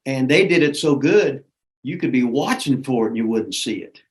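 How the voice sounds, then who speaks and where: An older man, a veteran trainer, in casual chat, gruff and profane, breaking into loud outbursts when he tells stories. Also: mid-range voice, lively intonation, normal speed.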